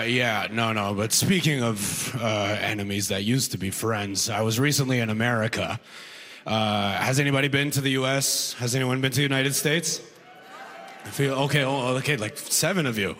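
A man's voice: medium pitch, fairly bright tone, big-room sound, slight background noise. A man from Sudan, raised in Alberta, doing live stand-up comedy on stage at a comedy gala, talking conversationally and checking in with the crowd. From Sudan, raised in Alberta, Canada.

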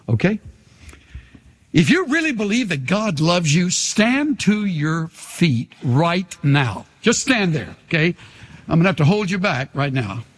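A man's voice: high-pitched, sing-song, measured pace, breathy edge. An older male pastor preaching a sermon, leading the congregation in call-and-response with emphatic, repetitive phrasing in a large church. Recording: long hall reverb.

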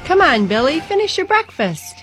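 A man in falsetto voicing a doting mother in a comedy ad sketch, over a music bed. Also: sing-song, moderate pace, a bit bright, exaggerated voice. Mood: coaxing. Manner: sweet, coaxing, falsetto. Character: doting middle-aged mom in a parody ad.

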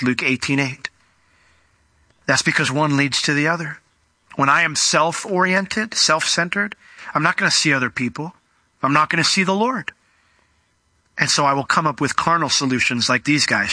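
A man preaching a sermon in a conversational, animated way, acting out scenes as he teaches. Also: a little high, normal speed, no echo. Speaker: pastor.

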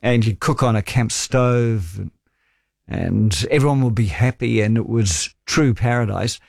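A man's voice: lowish voice, a little slow, vocal fry, darkish tone, no echo, clean studio sound. A man in his forties with a New Zealand accent, hosting a talkback radio show and telling stories in a chatty, wry way.

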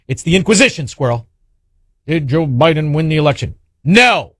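High, animated sarcastic talk radio man. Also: moderate pace, no echo, studio quality. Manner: sarcastic, mocking, hurls insults. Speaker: radio talk show host. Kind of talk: combative talk radio rant.

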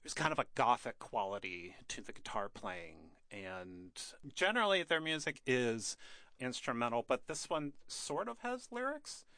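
A man on a radio music show, explaining a new album in a relaxed, wry, conversational way. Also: mid-range voice, moderate pace, dry recording. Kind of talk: casual radio music chat.

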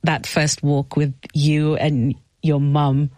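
Gentle, supportive woman interviewer. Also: sits low, level tone, slow pace, dry recording. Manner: gentle and supportive, reflecting back on what the guest says. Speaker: host. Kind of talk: interview conversation.

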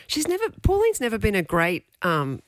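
A woman's voice: medium pitch, wildly swooping pitch, moderate pace, no room sound. A woman hosting a radio show, telling stories in a chatty, rambling way. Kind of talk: casual chat.

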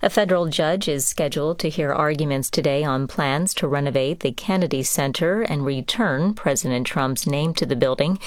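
Low-voiced woman reading the news. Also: no echo. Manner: measured formal news delivery. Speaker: newscaster. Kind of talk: scripted newscast.

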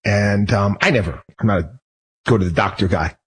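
A man's voice: lowish voice, moderate pace, slightly rough, poor audio. A man hosting his own show, talking in a heated, rambling monologue full of restarts and repeated phrases. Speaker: show host. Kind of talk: personal monologue.

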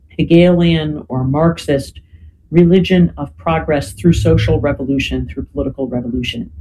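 A podcast guest from the United States explaining history in a measured, lecturing way, often checking in with "right?" and "you know". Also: medium pitch, warm tone, slight background noise, rough recording.

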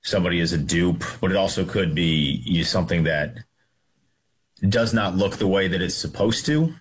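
A young adult man with a very low, husky voice tells a story on a radio show. He rambles and hesitates, with plenty of fillers along the way. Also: moderate pace. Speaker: radio guest. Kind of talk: casual storytelling.

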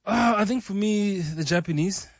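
A man's voice: high-pitched, normal speed, no echo, studio quality. A man on a radio show team, chatting casually and a little hesitantly. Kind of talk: casual studio chat.

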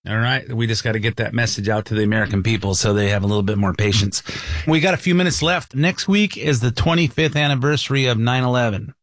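A man's voice: mid-range voice, quick pace, dry recording, clean studio sound. A man hosting an interview, giving brief prompts and follow-up questions. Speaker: host.

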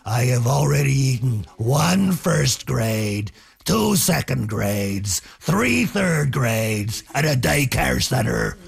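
A man voicing a big, boastful, sleepy male dragon in a slow, drawn-out, lowered voice while telling a children's story. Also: big pitch swings, creaky, slightly rough, heavily acted. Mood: lazy dismissive.

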